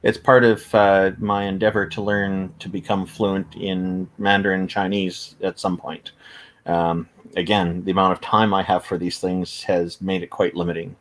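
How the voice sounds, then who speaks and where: Low-voiced, hesitant man. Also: flat delivery, moderate pace. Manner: soft-spoken, hesitant, many uh fillers. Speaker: podcast guest. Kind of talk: casual chat.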